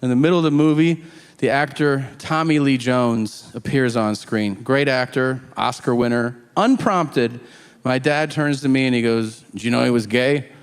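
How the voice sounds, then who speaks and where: A man's voice: medium pitch, measured pace, clear, resonant tone. A middle-aged man performing stand-up, telling a story and acting out both sides of the dialogue. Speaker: stand-up comedian. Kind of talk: stand-up routine. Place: theater stage with live audience. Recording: live hall reverb, audience noise.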